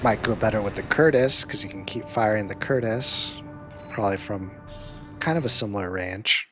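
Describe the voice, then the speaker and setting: A man's voice: lowish voice, moderate pace. Easygoing man musing over game footage. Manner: thinking aloud, easygoing, bursts of excitement. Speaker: let's play host. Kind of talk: casual gameplay commentary. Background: loud game music and artillery fire.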